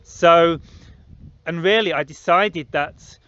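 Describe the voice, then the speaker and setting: A man's voice: a little high, takes it slowly, fairly bright tone, smooth, no room sound. A man in his late thirties telling a personal story in a rambling monologue, repeating himself and acting out other people's reactions. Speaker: vlogger. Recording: slightly muffled lo-fi audio.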